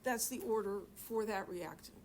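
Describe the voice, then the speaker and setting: A woman's voice: medium pitch, moderate pace, a little hiss or hum. A middle-aged woman teaching a chemistry class, chatty and joking, asking students questions in a classroom. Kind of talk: classroom lecture.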